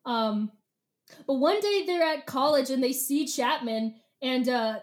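A woman with a very high voice hosts a casual podcast chat. She talks in an animated way, swearing freely and laughing between points. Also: measured pace. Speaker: podcast host.

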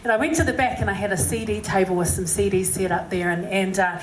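A woman's voice: mid-range voice, quick pace, a little hiss or hum. Chatty New Zealand woman in a roomy hall. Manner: chatty, self-deprecating, with many "you know" fillers. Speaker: singer speaking to an audience. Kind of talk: personal story and encouragement talk. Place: live venue with an audience.

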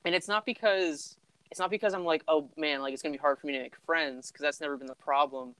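A young man in relaxed conversation, easygoing and laughing as he tells loose stories. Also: fairly high pitch, quick pace, smooth, dry recording, low-quality recording. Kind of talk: casual chat.

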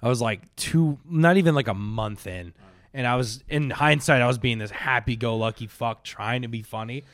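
A man stand-up comic in casual podcast chat, telling stories with loud acted-out quotes and frequent laughs. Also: mid-range voice, moderate pace, no echo.

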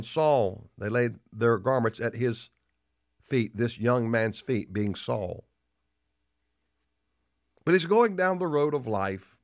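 A male pastor preaching a sermon emphatically, repeating phrases and pausing for dramatic effect. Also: on the high side, dry recording, clean studio sound.

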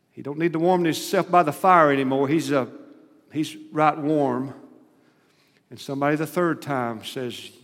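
A man preaching a sermon, retelling scripture with dramatic, rising emphasis. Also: fairly high pitch. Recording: long hall reverb.

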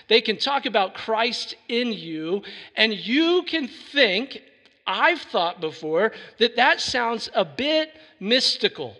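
A man's voice: sits high, bright, forceful tone. A man giving an earnest sermon as a pastor, building to emphatic preaching. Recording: reverberant hall sound.

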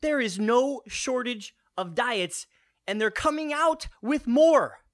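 A man's voice: very high-pitched, animated, takes it slowly. A man in his late thirties with a runny nose, giving a casual fitness vlog, swearing now and then and firing rhetorical questions at his viewers. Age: 30s. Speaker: fitness vlogger.

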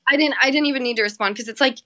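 A woman's voice: sits high, racing, pushed and bright. Chatty, swearing woman podcast host. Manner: chatty, says "like" a lot, swears freely. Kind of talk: casual chat. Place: at home, apart from co-host.

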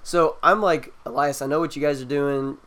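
A young man casually telling a story to friends, animated and acting out the lines he quotes. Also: a little high, normal speed. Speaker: storyteller in a group chat.

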